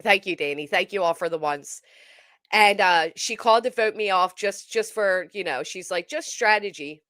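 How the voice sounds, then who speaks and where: A woman hosting a casual livestream, chatting to viewers in an animated, emphatic way with a forceful edge. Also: on the low side, normal speed, no room sound, clean studio sound. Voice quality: tends to sound forceful, described as angry. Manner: animated, emphatic, talks straight to chat. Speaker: livestream host.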